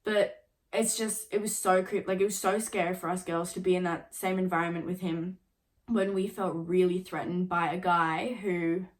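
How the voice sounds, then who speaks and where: A young woman in her late teens telling a story on her own vlog, casual and chatty, filling every pause with "like" and swearing now and then. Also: on the low side, little pitch movement. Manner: chatty, filler-heavy with constant "like"; swears casually while retelling. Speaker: vlogger.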